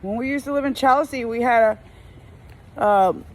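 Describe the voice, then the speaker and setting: A woman's voice: fairly high pitch, normal speed. A woman who works in retail, venting in a casual rant while driving, exasperated and full of slang, mimicking customers as she goes. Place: in a car.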